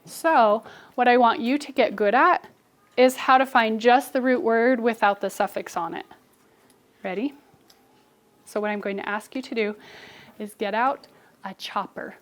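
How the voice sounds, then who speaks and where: A woman's voice: a little high, a little slow, long pauses. A young adult woman teacher leading a phonics lesson with children, coaching them and adding asides to other teachers. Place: classroom. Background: children in class.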